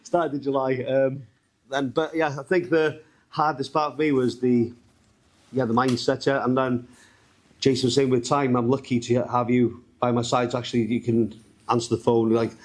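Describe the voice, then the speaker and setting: A man's voice: medium pitch, steady tone, moderate pace. A young man from Wales, casually telling his trading story on stage. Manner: chatty, laughing, loose. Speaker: trader sharing his story on a panel.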